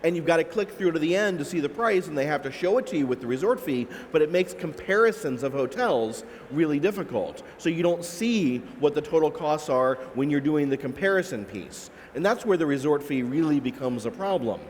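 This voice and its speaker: Man, fairly high voice, analytical panelist, halting restarts, echoey hall with faint background hum. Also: expressive. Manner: analytical, many restarts and "right?" asides. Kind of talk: explanatory panel talk. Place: large expo hall.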